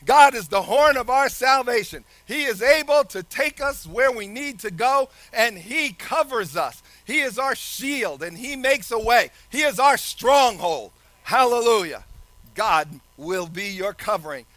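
A man with a very high, bright voice preaches an animated sermon. He laughs often and shouts some phrases. The sound is dry and close. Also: measured pace, no room sound.

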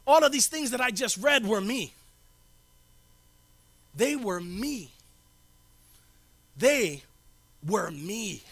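A male pastor preaching a sermon in an informal, slangy way. He repeats key phrases for emphasis and swings between loud declarations and low asides. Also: animated, slow, pauses often, no room sound.

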